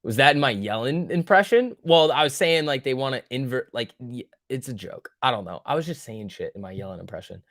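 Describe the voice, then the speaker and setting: A man's voice: mid-range voice, expressive, brisk, few pauses, a bit bright. A man hosting a stock market livestream, chatting casually, joking and swearing as he reacts to his viewers. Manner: joking, profane, reacting to chat.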